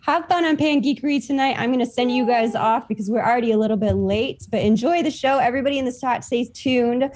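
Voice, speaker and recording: A woman's voice: a little high, fast, hardly any pauses, darkish tone. A woman hosting a live stream, asking questions eagerly and keeping things upbeat. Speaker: host. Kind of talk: casual live-stream chat.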